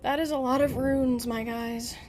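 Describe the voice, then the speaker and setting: A woman's voice: high voice, fairly even intonation, a little slow. A woman streamer chatting casually while she plays, answering her chat with playful asides. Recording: clear game noise under the voice.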